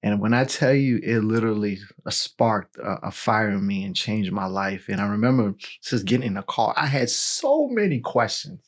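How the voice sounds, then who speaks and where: A man in his forties, a pastor, telling his personal testimony in a lively storytelling way, full of "you know" and "right?". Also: on the low side, normal speed, hardly any pauses. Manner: animated storytelling with filler words.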